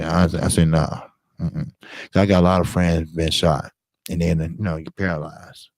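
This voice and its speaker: Deep gravelly man telling stories. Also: no room sound, clean studio sound. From Chicago, south side. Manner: animated, profane storytelling, acts out his younger self in a high voice. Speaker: boxing channel host. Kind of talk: casual storytelling monologue.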